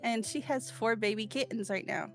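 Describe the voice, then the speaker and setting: A woman in casual chat, telling stories haltingly with many fillers. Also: on the high side, faint music behind.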